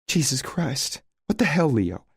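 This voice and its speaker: A man reading a novel aloud voices a furious, hurt young woman who shouts sharply and sounds near tears. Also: mid-range voice, little pitch movement, a little fast, vocal fry, dry recording, clean studio sound, voice pushed up, close to an everyday voice. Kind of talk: audiobook character voice.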